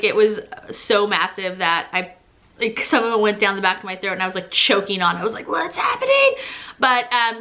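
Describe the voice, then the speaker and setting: A woman's voice: on the high side, sharp tone. A pregnant young woman giving a casual, rambling vlog update, laughing often as she talks. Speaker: vlogger.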